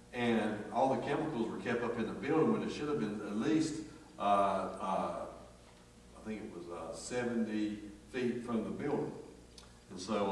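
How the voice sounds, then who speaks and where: A man preaches from the pulpit, spinning a folksy workplace story and acting out each voice. His voice rings through a big echoey church sanctuary. He sits some way off the microphone, and a faint hum runs underneath. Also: lowish voice. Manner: folksy, animated storytelling with acted quotes. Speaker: pastor. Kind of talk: storytelling sermon. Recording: echoey church hall from far off.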